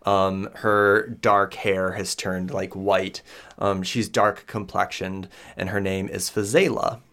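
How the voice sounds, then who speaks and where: Low, creaky-voiced male game master, narrating scenes with frequent fillers. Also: little pitch movement, slow, fairly bright tone. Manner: descriptive, with many fillers.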